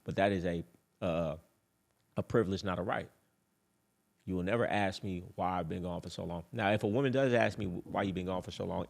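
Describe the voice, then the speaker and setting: A man's voice: low voice, creaky. A man hosting a dating advice talk in a casual monologue, blunt, boastful and profane, who repeats his points for emphasis.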